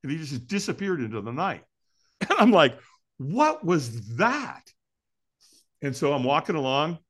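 A man who is a podcast guest, telling a story in an excitable way, acting it out with sound effects and laughs. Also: fairly high pitch, fairly quick. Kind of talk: animated storytelling.

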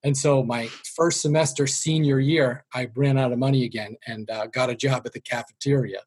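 A man's voice: mid-range voice, steady tone, brisk, darkish tone, slightly rough. A middle-aged man with a Boston accent, a sales trainer telling his career story in an interview, joking and dropping his voice to quote his parents. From Boston area. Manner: self-deprecating, jokey, drops voice for quoted parents.

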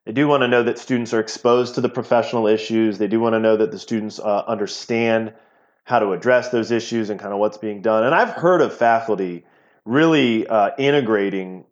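A man's voice: fairly low pitch, brisk. Middle-aged man explaining, slightly muffled audio. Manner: animated explainer, often repeats words mid-sentence. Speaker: physical therapy professor, guest. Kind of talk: casual interview talk.

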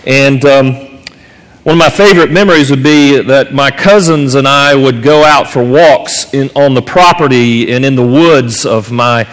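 Man preaching in a reverberant church. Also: a little slow. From North Carolina. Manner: earnest storytelling preacher, rises in pitch for dramatic moments. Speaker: pastor. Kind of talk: sermon. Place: church sanctuary. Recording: long reverb of a church hall.

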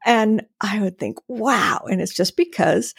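Encouraging woman with a gravelly edge. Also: medium pitch, animated, a little slow, dry recording, studio quality. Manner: warmly encouraging, affirming. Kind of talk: casual podcast chat.

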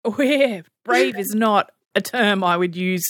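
An Australian woman co-hosting a podcast, chatting casually and telling animated stories, often laughing and acting out other people's voices. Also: medium pitch, slow pace, dry recording, clean studio sound. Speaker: podcast co-host. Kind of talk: casual chat.

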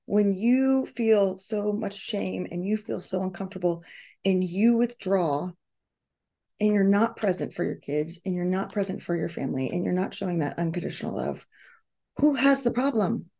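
A middle-aged woman who hosts a podcast and works as a coach leads a coaching session for a live group. Her voice is medium-pitched and creaky at a moderate pace, and she animatedly reads out participants' comments while acting out the quoted voices.

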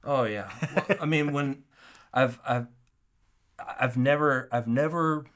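A man telling a story as an interview guest, animated and acting out the quotes, with frequent restarts. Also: mid-range voice, takes it slowly. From Kansas City area.

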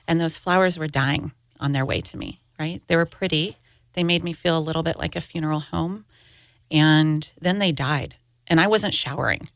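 A woman's voice: low-pitched, gravelly, no echo, studio quality. A middle-aged woman and grief coach, telling her own story candidly as a guest on an interview podcast.

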